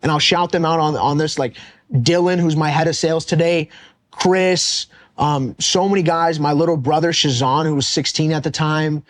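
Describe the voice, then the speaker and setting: A young man, a podcast guest, telling his business story in a casual, animated and blunt way, swearing often. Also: on the high side, normal speed. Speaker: podcast guest, real estate wholesaler.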